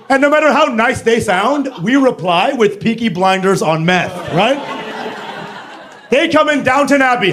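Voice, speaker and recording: High, lively man doing stand-up. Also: measured pace, long pauses, background noise. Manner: brash, profane, mimics accents and voices. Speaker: stand-up comedian. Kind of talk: stand-up comedy set. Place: comedy club stage before a live audience.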